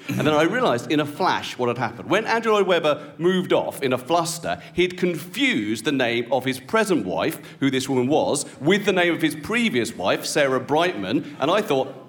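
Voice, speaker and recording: A man's voice: on the high side, very animated, moderate pace, hardly any pauses, fairly bright tone. A man telling a comic showbiz anecdote, sardonic and sweary.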